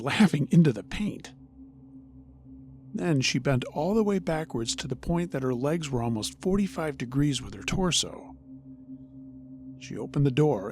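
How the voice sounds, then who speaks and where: A man reading a true horror story aloud in a conversational, wry way, with dramatic pauses. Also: mid-range voice, vocal fry.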